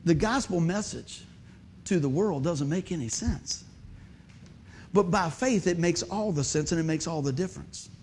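A man's voice: on the high side, moderate pace, darkish tone, slight background noise. A man preaching a sermon, telling a folksy story and joking with the congregation. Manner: folksy, conversational, joking with the audience.

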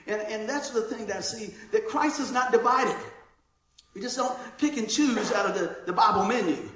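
A man's voice: high-pitched, moderate pace, a bit bright. A man preaching a sermon in a church, casual and chatty, calling listeners man and bro. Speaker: pastor. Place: church sanctuary. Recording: roomy church echo.

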